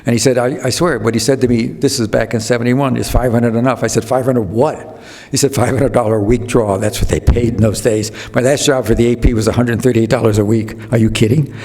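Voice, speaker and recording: A man's voice: medium pitch, steady tone, brisk, darkish tone. A man in his eighties telling rambling anecdotes as a guest speaker, restarting sentences and acting out other people's lines. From United States. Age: 80s. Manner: rambling, with self-interruptions and restarts. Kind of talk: storytelling anecdotes at a public talk. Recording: long hall reverb.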